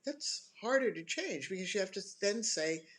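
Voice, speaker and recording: A health educator giving an instructional talk to an online audience, calm and deliberate, explaining point by point with emphatic pauses between phrases. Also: medium pitch.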